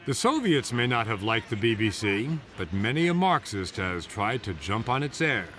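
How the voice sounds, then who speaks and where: A man with a lowish voice narrates a television news feature, giving a measured, expressive scripted read sprinkled with wry asides.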